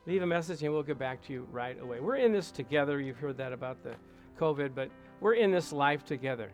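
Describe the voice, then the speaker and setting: A man's voice: medium pitch, lively intonation, a little fast, faint music behind. A male pastor preaching and leading prayer with fervent repetition, calling out to his listeners for an amen. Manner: fervent, repeats phrases, calls out "Amen?". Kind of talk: sermon and prayer.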